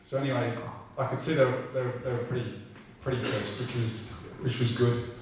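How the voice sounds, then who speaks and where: A middle-aged British man spins comic anecdotes in a chatty, irreverent way, swearing freely. His voice sits at a mid pitch and sounds far from the microphone. A strong roomy echo from a large hall surrounds every word. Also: fairly even intonation, brisk, slight background noise. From Britain. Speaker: racing driver guest. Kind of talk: comic anecdote telling at a live evening. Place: large room at a live talk event.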